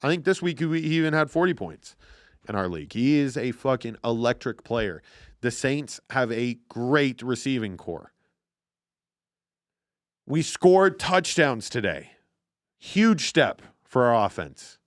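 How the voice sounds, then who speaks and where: A man hosting a casual football podcast, talking in an excitable, profane, animated way. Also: mid-range voice, a little slow, no echo, studio quality. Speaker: podcast host. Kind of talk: casual sports chat.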